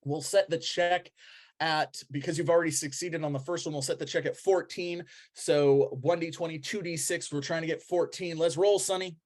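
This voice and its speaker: A man narrating a tabletop game as game master, pausing often with ums and uhs. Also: a little high, fairly even intonation, darkish tone.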